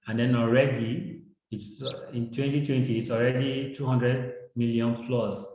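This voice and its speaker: A Nigerian-accented man walks through classroom examples at a steady, mid-range pitch, tagging his points with "right?". His voice rings out in a very echoey room. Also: unhurried. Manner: explains with examples, frequent tag "right?". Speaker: education guest. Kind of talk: explanatory discussion.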